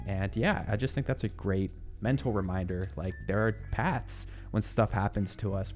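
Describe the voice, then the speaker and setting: A man's voice: on the low side, moderate pace, few pauses, a little mellow, soft background music. A man in his twenties hosting a casual good-news show, chatting and reacting to video clips in an upbeat, rambling way with frequent laughs. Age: 20s.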